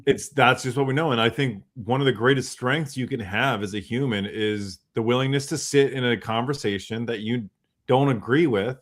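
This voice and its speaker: A man's voice: medium pitch, moderate pace. Laid back guy hosting a live chat, thoughtful, swears here and there. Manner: reflective, easygoing, swears casually. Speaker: podcast host. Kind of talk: casual live-stream chat.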